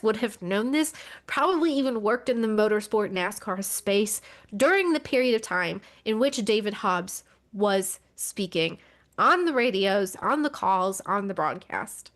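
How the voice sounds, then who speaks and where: A woman's voice: medium pitch, fairly bright tone. A woman co-hosting a motorsports podcast, talking through racing news in a wry, exasperated way and swearing casually. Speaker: podcast co-host.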